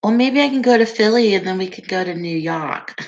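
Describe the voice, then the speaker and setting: Chatting on a casual livestream, a woman in her forties reads viewer comments aloud with plenty of laughter. Her mid-range voice is expressive at a moderate pace, though the highs are cut off.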